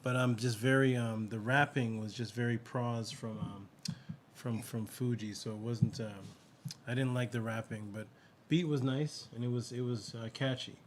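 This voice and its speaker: A mid-pitched man co-hosts a live stream and rambles through his critique, repeating phrases and filling gaps with "um." Faint background noise sits under his voice. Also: fairly even intonation, normal speed. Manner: rambling, repeats himself, many fillers. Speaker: co-host reviewing songs. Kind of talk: casual live-stream chat.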